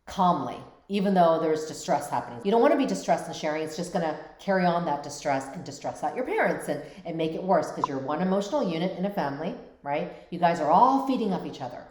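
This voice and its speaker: A woman's voice: on the low side, lively intonation, quick pace, few pauses, a little mellow, echoey room. A woman hosting a show that looks at TV dramas through mental health, talking in a reflective way and often checking in with "right?". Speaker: host.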